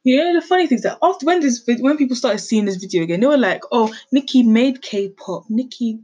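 A woman's voice: sits high, fast, darkish tone, husky, poor audio. A young woman chatting casually as a podcast host, sassy and opinionated. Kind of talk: casual reaction chat.

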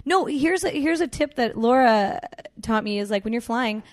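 A woman from Canada, a guest comedian in a casual podcast chat, telling stories in an animated way and laughing often. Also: a little high, moderate pace, dry recording. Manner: chatty, animated storytelling with frequent laughs.

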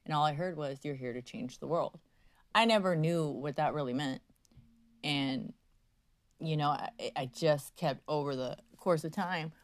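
A woman hosts her own livestream in a low, dry voice. She rambles, circling back with fillers and dropping the odd curse. The delivery feels unscripted and personal. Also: unhurried, dry recording. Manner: meandering, profane, frequent fillers; brash and mocking with callers. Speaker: livestream host.

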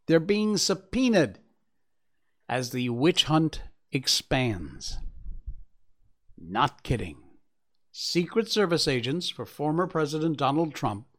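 Casting note: male commentary host, mid-pitched, sarcastic and combative, muttered low asides between headlines. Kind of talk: opinionated news commentary.

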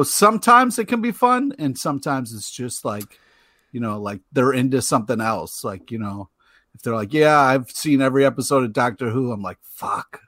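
A man's voice: on the high side, bright, forceful tone, no echo, clean studio sound. A man co-hosting a casual podcast in a laid-back, joking way. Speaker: podcast co-host. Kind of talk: casual chat.

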